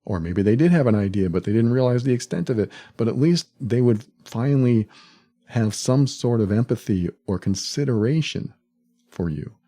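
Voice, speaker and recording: A man hosting a solo podcast, speaking reflectively and acting out quoted lines with sudden jumps in pitch. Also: lively intonation, normal speed, warm tone. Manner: laughs at the absurdity. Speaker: podcast host.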